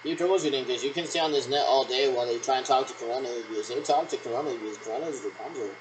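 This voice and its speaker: A man's voice: medium pitch, rapid-fire, a little hiss or hum, poor audio. A man rambling through pretend radio checks on his own, ending turns with "over". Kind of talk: solo role-played radio checks.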